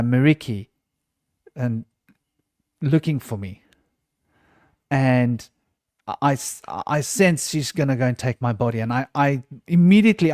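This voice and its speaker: A man's voice: mid-range voice, no echo, clean studio sound. A man in an unscripted podcast conversation, telling a personal story earnestly and often restarting his sentences.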